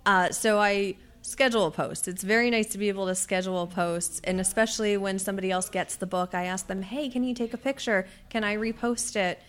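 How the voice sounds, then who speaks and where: Animated woman telling stories with laughs. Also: medium pitch. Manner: animated storytelling, acting out her own dialogue with frequent laughs. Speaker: author and podcaster, guest. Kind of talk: conversational interview.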